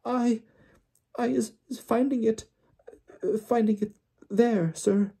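Storybook figure: man putting on a squeaky, stammering, fearful elf girl, high and shaky. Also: steady tone, slow pace, gravelly, mellow, husky, full character voice. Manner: stammering, broken grammar. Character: terrified squeaky female house-elf servant.

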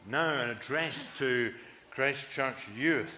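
Male pastor, playful storyteller, bright animated voice, speaking in church. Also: medium pitch, a little slow, a little hiss or hum. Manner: playful and chatty with children. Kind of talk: children's address and storytelling in a church service.

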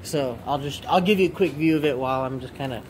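A man talks fast in a mid-range, slightly mellow voice while casually vlogging outdoors at a small food stand. Filming on a handheld phone, he's chatty and joking, with traffic noise in the background.

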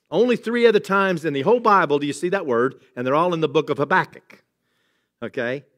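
A middle-aged man preaching a sermon in a church, talking casually and cracking jokes with the congregation. His voice sits a little high and swings widely in pitch. He keeps a loose, chatty manner throughout. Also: fairly bright tone. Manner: jokey, conversational preaching with chuckles and asides to the congregation. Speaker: pastor. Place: church sanctuary.

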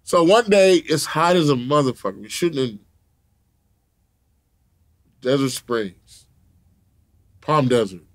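Animated, profane man telling a story. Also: fairly high pitch, slow, long pauses. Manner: animated, laughing, acts out other voices. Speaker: interview guest.

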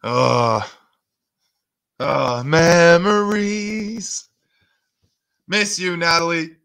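A man's voice: fairly high pitch, very slow, gravelly, a bit bright, clear, resonant tone. A man hosting a reaction channel, making sarcastic, mocking comments.

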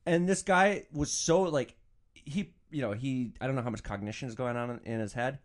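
A man's voice: medium pitch, normal speed. A man in his twenties hosting a podcast, telling rideshare stories in a casual, profane, joking way. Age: 20s. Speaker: podcast host and rideshare driver. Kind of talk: casual storytelling.

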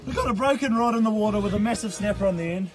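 A man with a New Zealand accent giving excited, playful commentary while fishing on a small boat outdoors. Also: high-pitched, rapid-fire, over loud music. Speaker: angler on the boat.

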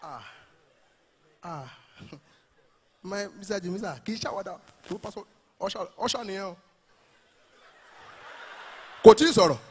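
A man with a Nigerian accent performing animated stand-up comedy live at a church event. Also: high voice, moderate pace, long pauses, slightly rough. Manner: animated, mixing Pidgin and Yoruba.

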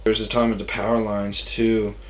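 A man's voice: on the low side, little pitch movement, brisk, a little hiss or hum, low-quality recording. A young man casually telling rambling party stories, full of "like" and acted-out quotes. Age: young adult. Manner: rambling, says "like" a lot, acts out quotes. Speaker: storytelling guest.

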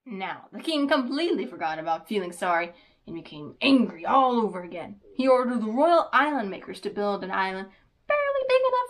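Expressive woman reading a children's story. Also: mid-range voice, a little fast, low-quality recording. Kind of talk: storybook read-aloud.

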